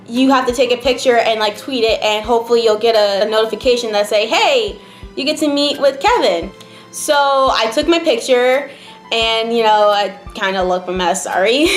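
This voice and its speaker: Emotional young woman vlogging, echoey room. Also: on the high side. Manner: chatty, emotional, many fillers, near tears. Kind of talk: casual storytelling to camera. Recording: echoey room, faint background music.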